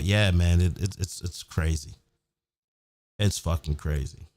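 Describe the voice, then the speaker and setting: A man's voice: low-pitched, unhurried, darkish tone, no room sound. Fired-up man ranting on a podcast. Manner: emphatic, repetitive, keeps saying "man"; profane, fired up. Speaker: podcast host. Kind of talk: live-stream podcast rant. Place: home recording setup near a big city.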